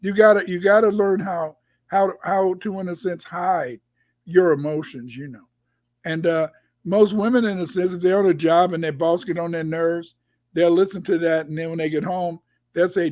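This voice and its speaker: This guest commentator talks casually on a video call, telling stories and rambling with lots of repeated words. The recording is dry, and his high-pitched voice stays steady, darkish and moderately paced.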